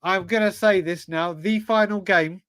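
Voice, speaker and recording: A man's voice: high-pitched, fairly even intonation, moderate pace, a bit bright, clean tone, dry recording. A man from England co-hosting a football podcast, blurting quiz answers, muttering to himself and swearing freely. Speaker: podcast co-host. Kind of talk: casual chat while playing a football quiz.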